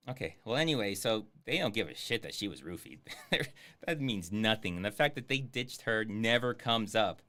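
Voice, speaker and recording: Male streamer, sarcastic running commentary, lively swooping pitch, casual swearing. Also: moderate pace. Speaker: streamer reviewing a film.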